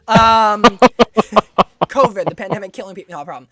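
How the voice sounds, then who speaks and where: Over the sound of a crowd in the background, a woman of medium pitch and normal speed hosts a laid-back podcast. She tells a story full of curses and sarcastic jabs, animated throughout.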